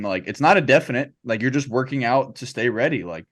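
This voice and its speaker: A man's voice: mid-range voice, a little fast, few pauses. A man with a mid-range voice co-hosts a laid-back podcast. He talks with emphatic energy and drops casual swears between filler words.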